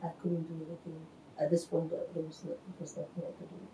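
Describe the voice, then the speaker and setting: A woman in her forties from Nigeria tells a painful personal story, pausing often with halting, hesitant speech. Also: low-pitched, completely flat delivery, background noise. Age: 40s. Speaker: reality show contestant. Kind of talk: emotional personal testimony. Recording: echoey room, faint ambience.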